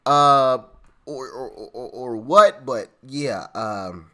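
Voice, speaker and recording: A man's voice: mid-range voice, drawn-out words, pushed and bright. A man hosting a casual reaction commentary, rambling, stammering, repeating words and laughing often. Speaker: channel host reacting to clips.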